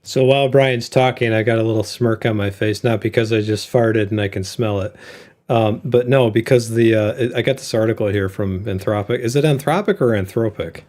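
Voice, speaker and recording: A man's voice: fairly low pitch, steady tone, normal speed, a little mellow. A man co-hosting an investing show, joking and interrupting in casual chat. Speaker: co-host.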